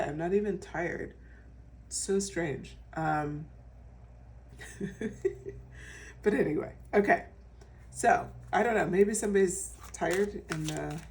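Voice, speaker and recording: Woman tarot reader, casual and reassuring, slightly low voice, mic set back a bit. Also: darkish tone, far from the mic, slight background noise. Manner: chatty and reassuring, full of fillers and restarts. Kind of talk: casual pick-a-card tarot reading.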